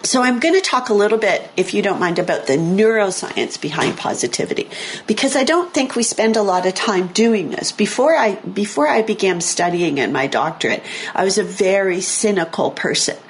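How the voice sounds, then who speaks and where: A woman hosting a radio talk show, explaining brain science in a chatty, self-correcting way, her voice a little hoarse. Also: medium pitch, expressive, moderate pace, a little hiss or hum. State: slightly hoarse, losing her voice. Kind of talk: casual talk radio chat. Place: radio studio.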